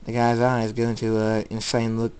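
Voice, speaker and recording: A man's voice: mid-range voice, completely flat delivery, darkish tone, clean tone, low-quality recording. Man reading a fan story plainly. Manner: plain, halting narration with restarts.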